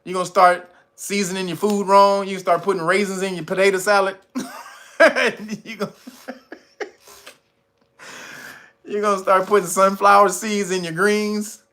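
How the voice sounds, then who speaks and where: A man's voice: high voice, little pitch movement, moderate pace, bright, forceful tone. A man hosting a casual commentary monologue, blunt and profane, laughing often. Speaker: channel host.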